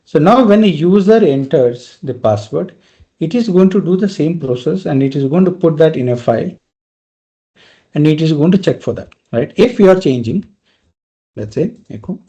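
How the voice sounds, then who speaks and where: A man's voice: fairly high pitch, animated, normal speed, warm tone, dull audio. A male trainer giving a live technical lecture, explaining step by step and often checking in with "right?".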